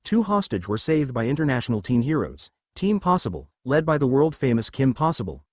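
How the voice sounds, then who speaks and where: A man reading a fan fiction story aloud and voicing its characters in his own voice, with a halting delivery. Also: medium pitch, very animated, dry recording. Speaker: narrator.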